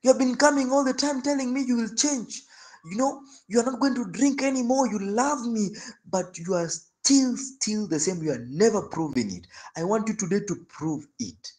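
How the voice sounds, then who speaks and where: A fed-up wife scolding her husband, put on by a male preacher. The voice sits higher than his own and stays firm and reproachful. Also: animated, normal speed, darkish tone.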